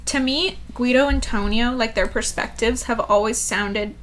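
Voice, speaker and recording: A woman co-hosting a casual book podcast, excitable and quick to laugh, swearing freely as she gushes about what she read. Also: on the high side, a little hiss or hum. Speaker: podcast co-host. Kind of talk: casual book-club chat.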